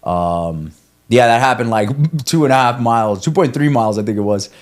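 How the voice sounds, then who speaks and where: In candid conversation on a podcast, a young male guest who runs ultramarathons rambles through a running story, cursing and often starting sentences over while coaching himself. His voice is mid-range and his pace moderate.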